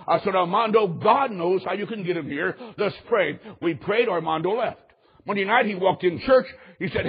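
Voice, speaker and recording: A man preaching a sermon, telling a story in an animated way that swings from loud outbursts to hushed moments. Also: sits high, brisk, husky, dull audio.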